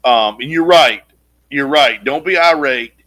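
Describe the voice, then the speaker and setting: A male podcast co-host with a mid-range voice and measured pace tells a long story on a casual show. He's animated, acts out the quoted lines and swears casually along the way.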